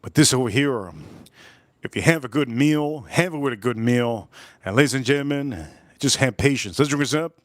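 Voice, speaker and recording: A man hosting a live drink-tasting stream in casual chat, rambling and joking as he tells stories, with quick bursts and slow, drawn-out remarks. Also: no room sound, clean studio sound. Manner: slips into high put-on voices for quoted people.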